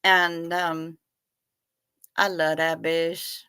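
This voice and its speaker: A woman's voice: lowish voice, little pitch movement, extremely slow, sharp tone, clear, resonant tone. Profane, bubbly woman livestream host. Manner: profane, effusive, greets viewers by name. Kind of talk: casual livestream chat reading viewer comments.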